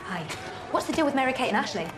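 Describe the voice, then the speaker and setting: A woman's voice: high voice, big pitch swings, fast talker, noisy background. An actress playing a dry, sarcastic young British woman in a sitcom.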